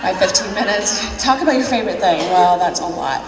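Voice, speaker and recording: A woman with an expressive mid-range voice delivers a personal story speech at a large convention hall, talking a little fast. She's chatty and laughs at her own expense, while crowd noise and hall echo come through a distant microphone.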